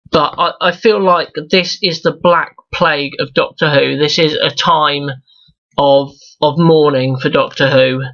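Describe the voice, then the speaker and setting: A man's voice: on the high side, sharp tone, lo-fi sound. A young man ranting in a profane, rambling review vlog, exasperated and full of restarts. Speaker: YouTube reviewer.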